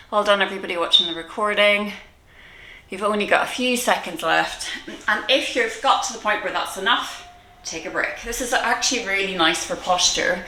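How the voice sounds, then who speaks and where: A woman coaching a live online kettlebell workout, encouraging and out of breath, cueing reps with quick laughs. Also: medium pitch, sharp tone, distant mic. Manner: encouraging, breathy between cues, laughs often. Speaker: kettlebell fitness instructor. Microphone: video call. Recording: echoey room, voice a bit off-mic.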